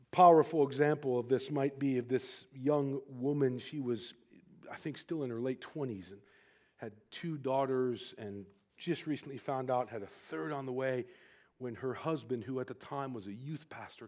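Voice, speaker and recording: A man preaching a sermon, telling a story and swinging from hushed to impassioned. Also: medium pitch, steady tone, moderate pace.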